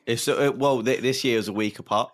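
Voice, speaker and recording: A young man on a casual podcast, explaining in halting, rambling bits with many restarts. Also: medium pitch, fairly even intonation. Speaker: podcast co-host.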